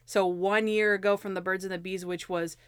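A woman's voice: medium pitch, brisk, clean tone, no echo. Chatty woman retelling scenes in dry room. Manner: animated, retells scenes with acted voices. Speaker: podcast co-host. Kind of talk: casual chat reviewing a TV episode.

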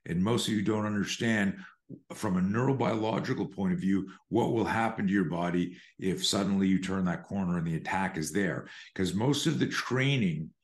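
A man's voice: low-pitched, normal speed, echoey room. An older man, a self-defense instructor, telling a story in an interview and acting out the quotes. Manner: animated storyteller, acts out quotes.

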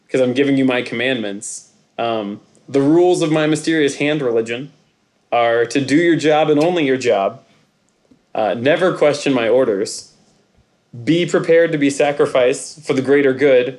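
A man's voice: medium pitch, close to an everyday voice. Guy doing a pompous god-king reading out dumb commandments, mock solemn, regular mid voice. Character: grandiose male god-leader of a hand religion. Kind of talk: comedic podcast bit.

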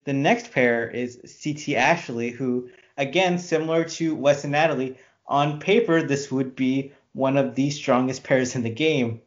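A man's voice: medium pitch, measured pace, hardly any pauses. Guy cohosting a chill recap chat, chatty, laughs a bunch, dull lo-fi audio. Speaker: podcast co-host. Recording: dull lo-fi sound.

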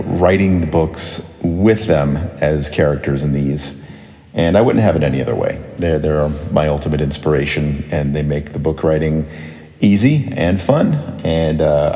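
A man's voice: sits low, darkish tone, long reverb tail. A man who writes children's books, chatting in an upbeat, conversational way as he introduces his stories and reads from them. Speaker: children's author and songwriter. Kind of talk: introducing and reading his book.

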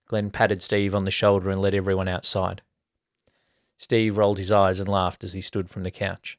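A man reading an erotic story aloud as a podcast narrator, in an even storytelling manner. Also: low voice, normal speed, dry recording, clean studio sound. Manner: even storytelling, colloquial mates' banter.

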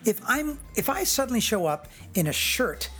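Male co-host, mock-indignant improv sidekick, lively and expressive. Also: very high voice, soft background music. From Canada. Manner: bantering, mock-indignant, quick to laugh. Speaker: podcast co-host. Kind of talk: improvised comedy banter.

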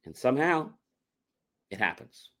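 A man's voice: medium pitch, very animated, measured pace, fairly bright tone. A man on a talk show explaining a mindset technique, coaching listeners and acting out repetitive self-talk.

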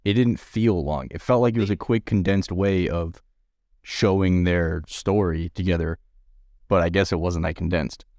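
A podcast co-host with a deep, darkish voice talks about a movie at a normal speed, rambling casually, putting himself down and chuckling at his own jokes. The studio-quality recording has no room sound.

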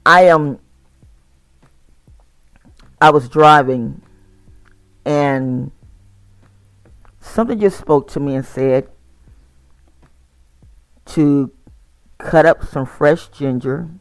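Tired man, slightly high voice, slow unhurried talk, rambling, keeps restarting. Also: smooth, dry recording. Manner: rambling, frequent restarts and repeats. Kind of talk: casual monologue to camera.

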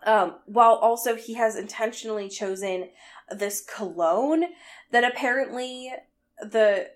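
A woman's voice: on the high side, unhurried. A young woman co-hosting a podcast, recapping a book in a casual, sarcastic way with lots of "um" and "like" and some swearing. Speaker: podcast co-host.

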